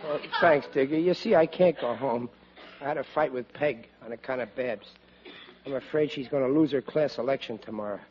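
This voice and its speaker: An actor playing a blustering, bumbling working-class father in a 1940s radio sitcom, talking in an excitable, boastful, emphatic way. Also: medium pitch, brisk, some chatter behind, natural voice. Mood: earnest. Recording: lo-fi old radio recording with hiss.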